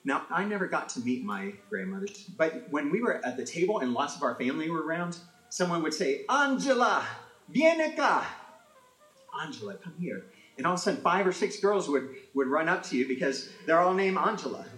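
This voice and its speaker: A man from an Italian-American family telling comic stories in an animated way, acting out voices as he goes. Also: fairly high pitch, quick pace, few pauses, echoey room, poor audio. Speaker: storyteller. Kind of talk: comic storytelling.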